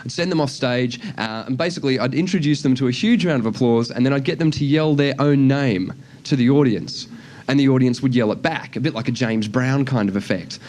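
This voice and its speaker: An Australian man doing stand-up, telling a story and acting out the people in it, shouting the punchlines. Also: mid-range voice, a little fast. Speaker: stand-up comedian. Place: live comedy venue with an audience.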